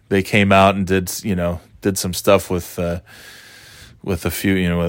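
A man's voice: low voice, no echo, studio quality. A man in his forties chatting casually, telling rambling, enthusiastic stories and laughing often. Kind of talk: casual chat.

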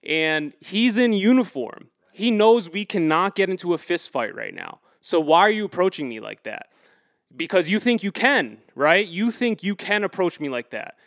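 A man tells a story in an interview, rambling with "like" and "um" and getting heated and emphatic as he goes. His voice sits a little high. The sound is close and dry, with no room echo. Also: animated, normal speed, a bit bright. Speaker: activist guest.

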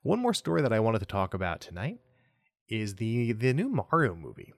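A man's voice: lowish voice, normal speed, vocal fry, dry recording, studio quality. Chatty man hosting a solo podcast. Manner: relaxed and chatty, trails off and restarts, chuckles at himself. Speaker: podcast host. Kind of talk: solo casual gaming news chat.

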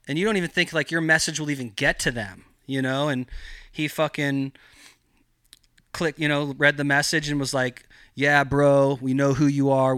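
A man's voice: on the high side, smooth, no room sound, studio quality. A man guesting on a podcast, telling a story in a casual, rambling way, swearing a lot, filling his talk with fillers, and acting out the voices he quotes. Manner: profane, rambling, animated, heavy on fillers.

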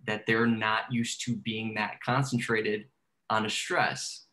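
A man's voice: fairly low pitch, flat delivery, slow, sharp tone. A man hosting a casual podcast conversation, a trainer who animatedly acts out his exchanges with clients.

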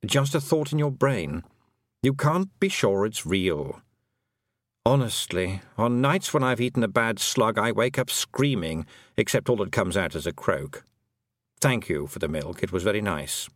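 A man's voice: fairly low pitch, animated, measured pace, dry recording, clean studio sound. A man voicing an anxious male toad who thinks he was once human, rambling and fretful.

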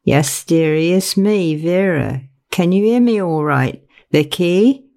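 A woman voicing a kindly older housekeeper, speaking gently and slowly. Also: on the low side, lively intonation, creaky, exaggerated voice. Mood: gentle.

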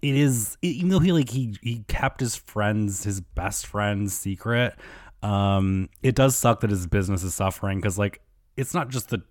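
Man, podcast host, lowish voice, rambling gossip, casual, swears a lot, dry close sound. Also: lively intonation, moderate pace, darkish tone, dry recording. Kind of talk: casual solo gossip monologue.

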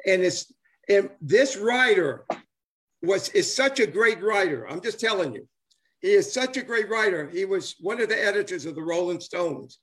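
A man's voice: sits high, expressive, normal speed, a bit bright. An older man, a former ballplayer talking casually and enthusiastically, rambling with many restarts and fillers. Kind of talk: casual chat on a live stream.

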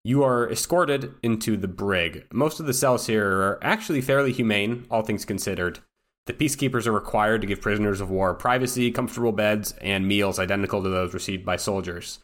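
A man narrating a tabletop game as the game master, with a lowish voice. His narration is descriptive and steady, laying out each scene in detail. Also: fairly quick.

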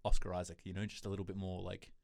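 A man's voice: sits low, monotone, rapid-fire, gravelly, a little mellow, dry recording, studio quality. A man co-hosting a podcast in casual chat, rambling with lots of restarts and fillers. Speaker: podcast co-host.

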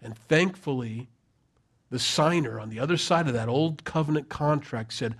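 A man's voice: mid-range voice, moderate pace, slightly rough. A middle-aged man preaching a sermon, conversational and emphatic, with rhetorical questions. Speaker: pastor.

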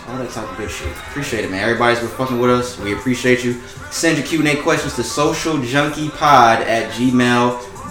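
A man's voice: lowish voice, a bit bright, roomy sound. A man in his twenties hosting a podcast, talking in loose, profane, joking banter. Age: 20s. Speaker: podcast host. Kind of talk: casual podcast chat.

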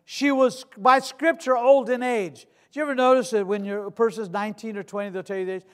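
A man in his sixties, a pastor preaching a sermon with humor and asides, swinging from loud declarations to hushed storytelling. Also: extremely high pitch, steady tone, fairly quick, few pauses. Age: 60s.

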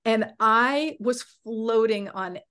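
Woman telling a story with animated voices. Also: fairly high pitch, slow pace. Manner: animated, acts out quoted voices. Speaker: coach and podcast host. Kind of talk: personal storytelling.

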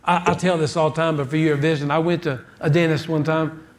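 High-voiced folksy preacher. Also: male voice, little pitch movement, fairly quick. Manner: folksy storytelling preacher, repeats words. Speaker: pastor. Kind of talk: sermon.

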